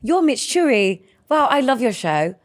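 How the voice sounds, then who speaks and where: A bubbly Essex shop girl, as a woman puts her on, gushing in a bright, higher voice. Her Essex accent runs through every chatty greeting. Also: big pitch swings, moderate pace.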